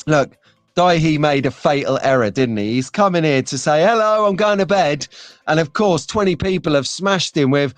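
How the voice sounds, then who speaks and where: A fairly high-voiced man hosts a live stream in a chatty, excitable way, now and then winding himself up to a frantic, shouty pitch. The sound is dry and close, with no room around it. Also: a little slow, no echo, soft background music. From England. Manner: chatty and excitable, gets frantic and loud at times. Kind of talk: casual live chat reading viewer comments.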